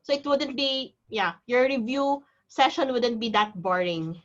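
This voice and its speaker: Woman, exam-prep teacher, online lecture, slightly high pitch, dull video-call sound. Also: unhurried. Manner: chatty, reassuring, explaining step by step. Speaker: IELTS teacher.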